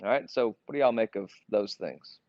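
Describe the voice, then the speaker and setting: A man's voice: on the low side, moderate pace. A man leading a casual group Bible study, talking earnestly and reading scripture aloud. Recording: dull, dry lo-fi recording.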